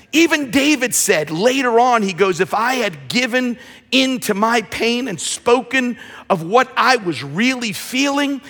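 A man preaching a sermon in a church, repeating phrases and building to shouted emphasis. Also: extremely high pitch, big-room sound. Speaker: pastor. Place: church sanctuary.

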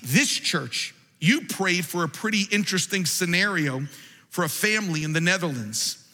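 Man, pastor, emphatic sermon, high forceful voice, long hall reverb. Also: animated, moderate pace. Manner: emphatic preaching, rising to shouts. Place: church sanctuary.

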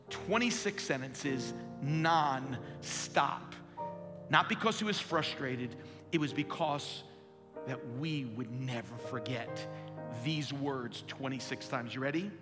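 A pastor preaching a sermon to his congregation in a large church, emphatic and animated, asking the crowd questions. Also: a little high. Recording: long hall reverb with live music behind. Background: instrumental music.

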